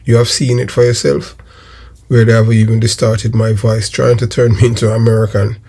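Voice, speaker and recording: Jamaican male crime-vlog host, husky, low-pitched, emphatic and repetitive. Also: completely flat delivery, normal speed, warm tone. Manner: emphatic, repeats phrases for stress. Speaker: crime news channel host. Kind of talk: commentary vlog.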